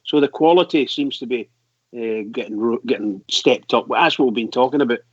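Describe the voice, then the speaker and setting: A man's voice: mid-range voice, a little fast, no echo. A man hosting a fan call-in radio show, teasing his guests and laughing a lot. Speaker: radio host. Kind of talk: casual chat. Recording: dry, dull lo-fi audio.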